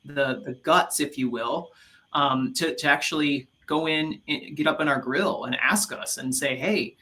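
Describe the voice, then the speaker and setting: A man co-hosting a casual faith-based podcast chat, telling animated stories with many restarts. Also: a little high, measured pace. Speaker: podcast co-host.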